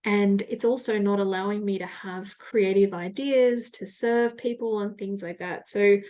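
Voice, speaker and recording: A woman's voice: mid-range voice, darkish tone. A woman hosting a solo podcast, talking in a chatty, rambling, self-reflective way. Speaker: podcast host and business coach.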